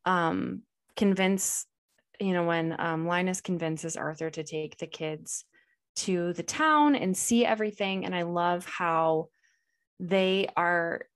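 A woman's voice: lowish voice, slow pace. A woman co-hosting a podcast, gushing with enthusiasm as she retells scenes in casual chat. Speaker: podcast co-host. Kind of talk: casual book club chat.

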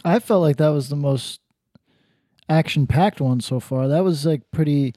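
Sarcastic male co-host, slightly high, mellow voice, dry close sound. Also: normal speed, dry recording. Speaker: podcast co-host. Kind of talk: casual comedic banter.

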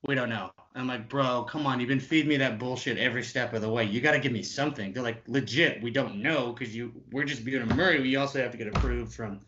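A man in his twenties telling an animated story, swearing freely and acting out the other people's lines. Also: medium pitch, fast talker, hardly any pauses, dull audio, slight background noise.

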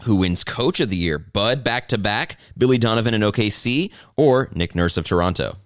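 A man's voice: on the low side, lively intonation, normal speed, dry recording, studio quality. A man hosting a casual sports podcast, talking in a playful, rambling way. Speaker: podcast host.

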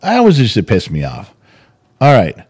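A middle-aged man with a low, dark and mellow voice, co-hosting a casual podcast chat. He rants heatedly and swears freely as he talks. The sound is close, as on a podcast microphone. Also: huge pitch swings, normal speed, breathy edge. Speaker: podcast co-host.

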